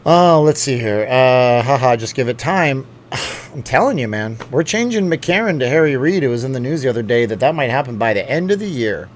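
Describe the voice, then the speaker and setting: Reading out comments from viewers, this live-stream host talks at a moderate pace with lively intonation and a medium pitch. There's a bit of hiss or hum, and his chatty rambling is packed with fillers and self-corrections.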